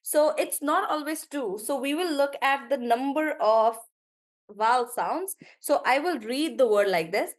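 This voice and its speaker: A woman teaches a live online class in a fairly high voice. She is chatty and encouraging, praising students by name. Her explanations are often broken up by easy laughter. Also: a little slow. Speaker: English teacher.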